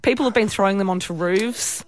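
An Australian woman co-hosting a radio breakfast show, telling a story with animated, laughing banter. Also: mid-range voice, a little fast, no room sound, clean studio sound.

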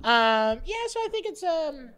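A young man from Southern California co-hosts a comedy podcast, riffing in a rambling, animated way. His voice is bright and keen, and his pitch leaps up and down constantly as he talks. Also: measured pace. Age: 20s. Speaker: podcast co-host. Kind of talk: casual comedic podcast banter.

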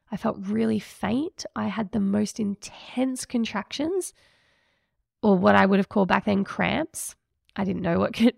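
Gravelly-voiced woman telling her story. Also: on the high side, dry recording, studio quality. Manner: candid, emotional, reflective. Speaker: podcast host. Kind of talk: personal storytelling podcast.

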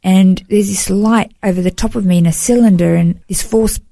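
A woman's voice: mid-range voice, fairly even intonation, moderate pace, vocal fry, mellow, no room sound. A woman telling a heartfelt personal testimony in an earnest, emotional way, often saying "you know". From Australia. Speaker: guest sharing a personal testimony. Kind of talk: emotional first-person storytelling.

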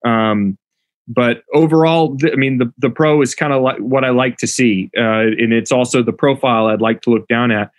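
A man with a mid-pitched voice speaks in a dry, close podcast recording with no room sound. He is the show's producer, working through launch and spin numbers in an analytical, conversational way. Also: moderate pace, dry recording. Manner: analytical, reading out club data. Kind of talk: casual podcast discussion.

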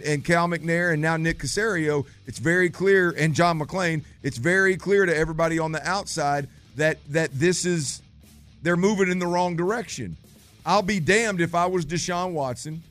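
A man co-hosting sports talk radio, making emphatic, impassioned arguments. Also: on the high side.

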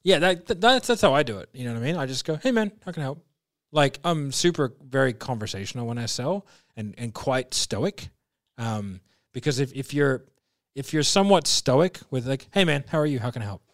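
A man's voice: medium pitch, lively intonation, a little fast, dry recording, clean studio sound. A man talking sales as a podcast guest, blunt and emphatic, swearing freely and restarting his sentences often. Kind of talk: casual podcast conversation.

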